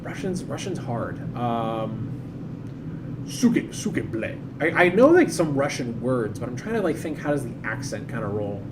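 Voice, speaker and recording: A man from the United States giving rambling, self-interrupting live commentary while he plays an online game, with sudden loud bursts of excitement. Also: mid-range voice, moderate pace, few pauses, background noise. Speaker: game streamer. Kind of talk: casual live-stream commentary while gaming.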